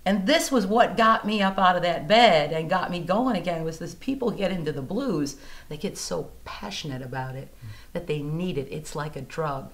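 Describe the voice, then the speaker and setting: Woman, blues singer, lowish voice, casual storytelling, animated, indoors at a museum. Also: normal speed. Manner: animated, acts out quoted people in a raised voice.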